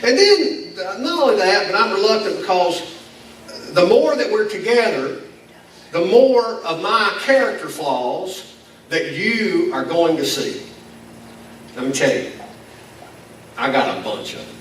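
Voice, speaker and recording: Speaking a little slowly with frequent pauses, this male pastor has a high, animated, fairly bright voice. His conversational sermon is folksy and self-deprecating, with occasional chuckles, delivered at a church meeting in a school building. The distant mic picks up an echoey hall and faint noise.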